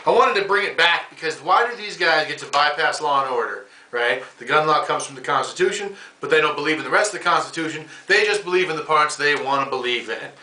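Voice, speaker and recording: Few pauses break the quick, pushed and bright delivery of this male comedy host from the US, whose fairly high voice has lively intonation. He rambles and rants through a casual monologue, addressing the listener as "bro," captured by a distant mic in an echoey room.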